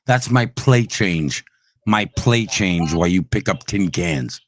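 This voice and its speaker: There's slight background noise as a low-voiced man takes his time on a livestream, his intonation lively. He swears and rages at critics, challenging them again and again.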